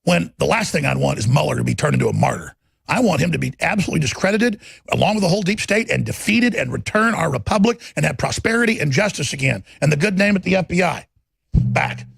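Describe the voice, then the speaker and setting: A man hosting a political talk show, combative and rambling in his monologue, with a gravelly, husky voice. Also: on the high side, sing-song, fast talker, fairly bright tone, no room sound.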